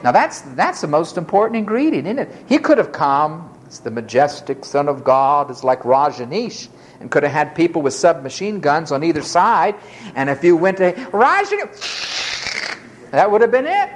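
Dramatic preacher with a wildly swooping voice. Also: female voice, low-pitched, sing-song, moderate pace, slight background noise. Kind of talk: sermon.

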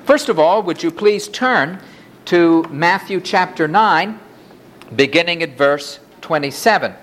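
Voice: medium pitch, a little hiss or hum. A preacher giving a sermon, reading scripture passages aloud and lifting the voice for quoted cries.

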